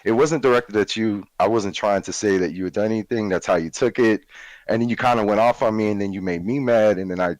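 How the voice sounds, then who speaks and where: A man's voice: lowish voice, fast talker, a little mellow, no room sound, poor audio. A man calling into a stream, casually and defensively explaining himself. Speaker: call-in guest. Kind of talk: casual call.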